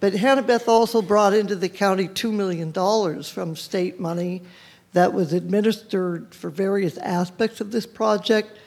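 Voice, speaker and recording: A woman's voice: medium pitch, fairly even intonation, moderate pace, a little mellow. A woman giving a rambling, heartfelt thank-you speech at a public board meeting, often breaking off mid-word. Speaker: environmental group leader thanked at a public meeting.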